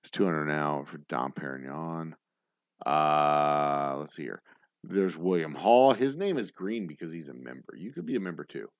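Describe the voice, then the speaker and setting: A tipsy man, hosting a casual livestream and rambling fast. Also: rumbling low, animated, no echo, lo-fi sound. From Texas. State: tipsy, slurring. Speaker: livestream host.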